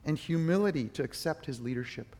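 A middle-aged man preaching a sermon, telling a personal story with animated, emphatic bursts. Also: a little high, brisk. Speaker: pastor.

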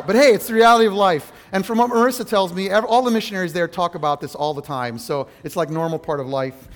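A male pastor preaching a sermon, earnest and self-deprecating, telling personal stories in an animated way. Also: fairly high pitch.

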